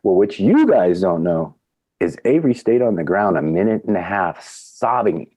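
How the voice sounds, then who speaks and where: A middle-aged man, a podcast guest, tells a casual anecdote, acting out quotes with big jumps in pitch. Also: very animated, normal speed, mellow, husky, no echo.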